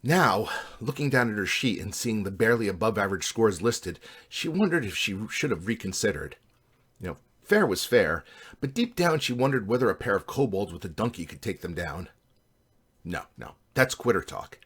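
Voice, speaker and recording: A man, the author, reading an excerpt of his fantasy novel in an even, measured way. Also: on the low side, husky. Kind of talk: book reading.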